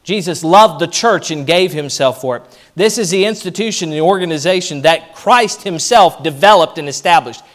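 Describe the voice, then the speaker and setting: Man, pastor, emphatic sermon delivery, somewhat high pitch. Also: moderate pace. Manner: emphatic preaching, rising and dropping in loudness.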